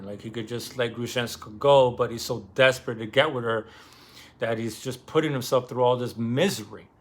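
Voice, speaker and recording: Casual male book vlogger, mid pitch, bright and forceful, loose and profane. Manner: loose and animated, many fillers and swearing. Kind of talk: casual retelling of a novel.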